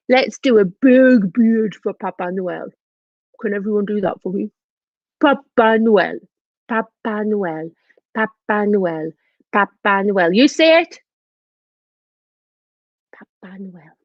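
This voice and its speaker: Woman, children's French teacher, sing-song, drawn-out repetitions, dry, muffled home mic. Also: mid-range voice, dry recording. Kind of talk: online lesson for children.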